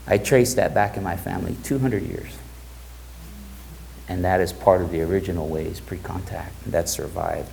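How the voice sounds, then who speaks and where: A middle-aged man speaking as a guest to a live audience, telling stories in a relaxed way and acting out the quoted dialogue. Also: low-pitched, vocal fry, slight background noise, rough recording. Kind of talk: storytelling talk to an audience.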